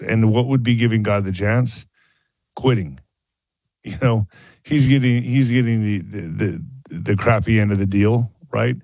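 A man, a former boxer, guest on a radio interview, telling a personal story in a halting way with many restarts. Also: on the low side, a little mellow, no echo. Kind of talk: candid phone-in interview.

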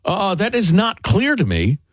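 A male talk radio co-host with a somewhat high, husky voice. His pitch swings widely as he banters and reacts. The studio sound is dry and close. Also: unhurried, no room sound. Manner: animated, laughs while mocking.

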